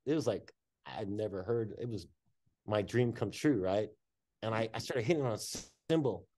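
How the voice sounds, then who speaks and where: Animated slangy man telling a story. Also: on the low side, normal speed. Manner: animated, slangy, swears freely. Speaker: guest artist. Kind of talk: casual storytelling.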